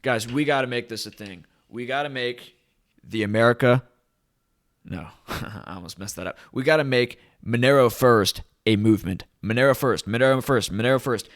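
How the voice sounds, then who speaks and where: Guy rambling to camera on his channel, super hyped, mid-pitched voice. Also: normal speed. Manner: rambling, enthusiastic, hype-driven. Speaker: crypto channel host. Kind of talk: casual to-camera vlog. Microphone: camera at desk.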